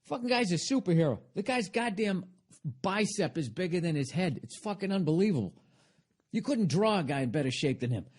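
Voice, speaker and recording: A man on a podcast delivers a sarcastic, profane comedic monologue that wanders from point to point. His voice sits slightly higher than most men's. He mocks himself and the people he talks about. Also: animated, a little fast, a little mellow, husky. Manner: profane, rambling rant with constant swearing; sarcastic, self-mocking. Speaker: podcast host.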